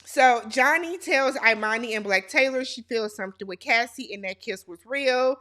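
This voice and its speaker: A woman's voice: on the high side, moderate pace, bright, forceful tone. A woman host giving a casual, sassy and blunt recap of a reality TV episode.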